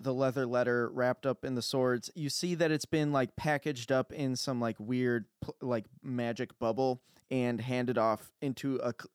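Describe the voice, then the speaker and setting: A man's voice: medium pitch, clear, resonant tone, dry recording, clean studio sound. A man narrating a tabletop game as game master, rambling with fillers.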